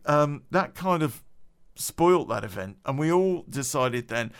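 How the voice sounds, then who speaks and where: Bloke telling a funny story, swears a lot, lively up-and-down voice, lots of ums. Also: male voice, a little high, unhurried. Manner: laughs through the story, swears freely, rambling with fillers. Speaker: podcast storyteller. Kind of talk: casual anecdote telling.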